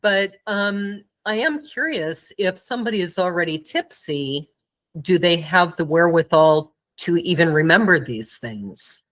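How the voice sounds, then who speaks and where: A woman's voice: lowish voice, lively intonation, measured pace, a bit bright. A woman hosting a podcast interview over a video call, asking curious short questions. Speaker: podcast host.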